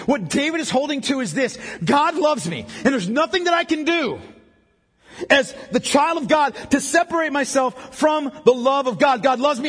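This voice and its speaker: A man preaching a sermon as a pastor, impassioned and emphatic, with a husky voice. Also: very high voice, fairly bright tone. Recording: long reverb of a large hall.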